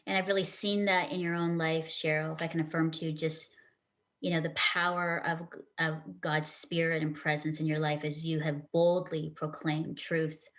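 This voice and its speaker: A woman hosts a faith-based talk show, her voice sitting a little low. She speaks earnestly and warmly affirms each guest. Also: level tone, normal speed. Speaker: host.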